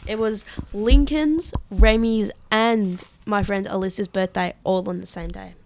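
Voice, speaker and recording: A woman's voice: mid-range voice, steady tone, measured pace, a little mellow, a little hiss or hum. A young woman co-hosting a casual chat podcast, chatty and easily sidetracked. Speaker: podcast co-host.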